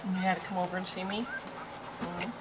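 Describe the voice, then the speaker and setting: A woman talking baby talk to her dog and newborn puppies in a soft, cooing, sing-song way. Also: lowish voice, level tone, normal speed, heavy background noise. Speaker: dog breeder filming her litter.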